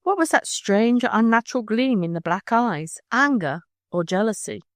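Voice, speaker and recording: A woman narrating a children's novel audiobook in a measured, expressive way. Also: a little high, no room sound. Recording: dry close studio sound.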